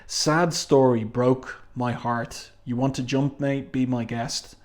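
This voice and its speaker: A man's voice: medium pitch, steady tone, slow pace, natural voice. A man reading out the lines of a menacing, mocking male killer, in a voice close to his own. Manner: read aloud in a near-plain voice.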